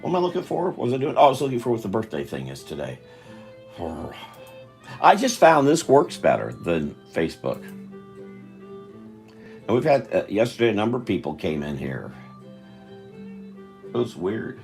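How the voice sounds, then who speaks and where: A man's voice: fairly low pitch, wildly swooping pitch, a little slow, creaky, pauses often, a little mellow, faint music behind. An older man chatting on a live stream while he draws, rambling and interrupting himself, tired. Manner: meandering, self-interrupting, chatty.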